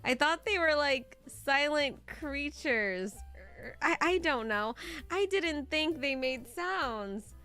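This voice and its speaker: Young woman streamer, very high and bright voice, unhurried, foul-mouthed mock outrage at chat, faint music behind. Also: animated. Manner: swears a lot and whines in mock outrage at chat. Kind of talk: live stream chat reaction.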